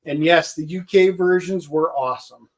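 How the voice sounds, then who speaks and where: A man's voice: a little high, fairly even intonation, normal speed. A man hosting a casual chat, teasing his co-host with dry quips.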